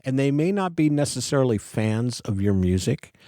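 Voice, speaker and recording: A man's voice: mid-range voice, very animated, moderate pace, mellow, no echo, clean studio sound. A male interview host who speaks earnestly, thanks his guest and brings in his own stories before asking questions. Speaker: podcast host. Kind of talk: interview conversation.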